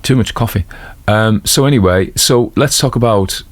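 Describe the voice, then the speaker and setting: Geordie man, very deep voice, casual rambling chat, self-mocking asides. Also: moderate pace. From North East England. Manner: rambling, self-deprecating, many fillers and asides. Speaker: audiobook narrator talking about his reading. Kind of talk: casual spoken commentary.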